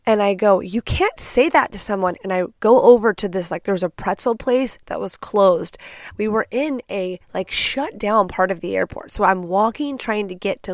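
A young woman from Texas tells a story on her podcast, blunt and profane, and she acts out the voices of the people in it. Her voice sits at a middle pitch. The sound is close and dry, with no room echo. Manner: blunt, profane, animated retelling with quoted asides. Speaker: podcast host. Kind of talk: casual storytelling.

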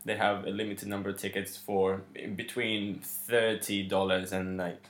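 A man co-hosts a podcast in a low-pitched voice with little pitch movement, at normal speed. The casual chat is organized yet halting, with many ums and restarts, and the recording carries a roomy echo.

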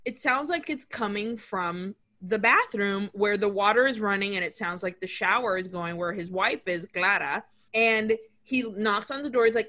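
Woman, podcast co-host, casual film chat, animated, bright tone. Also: a little high, normal speed, few pauses. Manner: animated, laughs often, acts out characters' lines.

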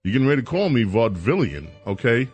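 A man's voice: mid-range voice, sing-song, quick pace, husky, faint music behind. A man hosting a call-in radio talk show, joking and teasing his callers.

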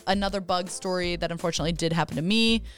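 A woman's voice: fairly low pitch, very fast. A young woman co-hosting a casual podcast chat from the office, bubbly and playful. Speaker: podcast co-host.

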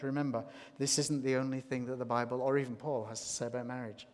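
A man preaching a sermon, slow and deliberate, rising to emphatic points. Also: medium pitch, little pitch movement, a little mellow. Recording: long hall reverb.

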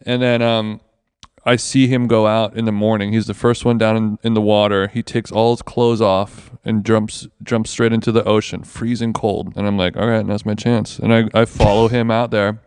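A man's voice: on the low side, little pitch movement, moderate pace, a little mellow, smooth, dry recording, studio quality. A man co-hosting a podcast, telling a rambling, profane anecdote in casual chat. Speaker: podcast co-host. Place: basement of a villa.

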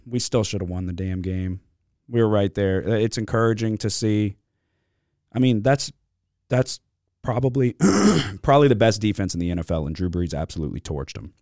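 A man hosting a sports podcast, talking casually in an animated, profane, venting way. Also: fairly low pitch, no echo, clean studio sound. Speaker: podcast host.

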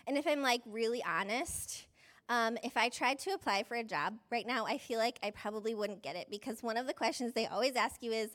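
Woman pastor, high voice, casual sermon, chatty, self-deprecating, laughs mid-sentence. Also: a little fast, a bit bright. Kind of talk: conversational sermon.

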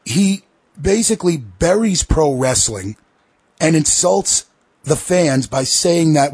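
A man's voice: on the high side, lively intonation, a little slow, a little mellow, husky, no room sound. A man hosting a podcast, delivering a profane, sarcastic, heated rant. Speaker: podcast host. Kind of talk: ranting podcast commentary.

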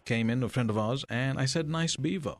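Relaxed male talk show host. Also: medium pitch, a little fast, no echo. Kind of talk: casual interview chat.

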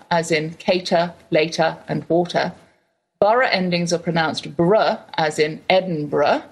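An English woman hosting a show, reading out a prepared piece with a crisp, wry delivery. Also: on the low side. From England. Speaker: podcast host.

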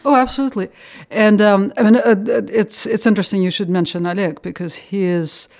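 Guest: middle-aged woman, Russian native speaker, halting, thoughtful podcast talk. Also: mid-range voice, steady tone, a little mellow. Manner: hesitant, many fillers and restarts. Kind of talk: podcast conversation.

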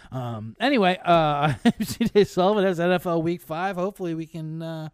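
A man's voice: medium pitch, a little mellow, dry recording. A man hosting a podcast, riffing in a casual, profane, comedic storytelling style with frequent laughs. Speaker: podcast host. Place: touring, recorded while traveling.

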